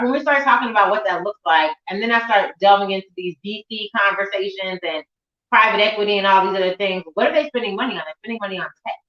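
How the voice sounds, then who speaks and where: A woman's voice: medium pitch, roomy sound, muffled recording. A woman interviewing a guest in a chatty, rambling way, laughing easily as she talks. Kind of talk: casual interview conversation.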